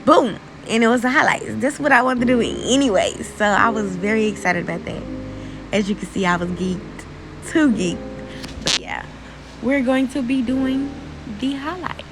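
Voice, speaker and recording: A woman's voice: a little high, expressive, moderate pace, over music, rough recording. A young woman chatting informally through a hair tutorial voice-over, using casual slang and talking straight to her viewers. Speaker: beauty vlogger.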